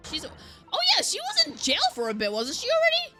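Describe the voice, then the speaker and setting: A woman rambling about a game's plot while playing along. Her voice is high, bright and very lively, with faint music behind. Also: quick pace. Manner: rambling, unsure. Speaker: co-player. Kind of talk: casual gameplay chat.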